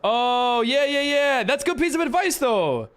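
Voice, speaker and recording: A man's voice: very high voice, expressive, moderate pace, a bit bright. A man streaming a game live, chatting casually with viewers and reading chat aloud in a rambling way full of fillers.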